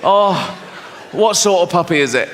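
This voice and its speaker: A man's voice: high voice, expressive, normal speed, very noisy. A man doing stand-up comedy, swearing, acting out bits, and laughing at his own jokes. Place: large theatre with audience. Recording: live hall recording with loud crowd laughter.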